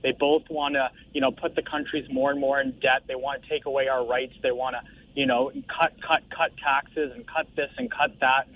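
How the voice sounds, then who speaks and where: A man's voice: mid-range voice, flat delivery, moderate pace, slight background noise. A man calling into a radio show, meandering and sarcastic. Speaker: caller. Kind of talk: phone-in rant. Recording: tinny phone line.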